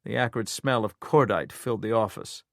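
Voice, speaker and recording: A man narrating a crime thriller audiobook in a steady storytelling manner. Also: lowish voice, normal speed, vocal fry, dry recording, studio quality. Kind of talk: scripted narration.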